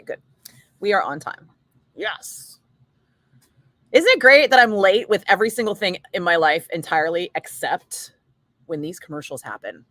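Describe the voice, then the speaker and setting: A woman's voice: on the low side, a bit bright, no room sound, studio quality. A woman radio host from Northern California chatting casually with her live chat, laughing often, swearing freely and rambling through asides. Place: radio studio.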